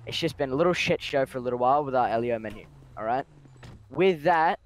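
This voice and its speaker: A man's voice: mid-range voice, quick pace. Patient man explaining game rules. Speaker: game server admin.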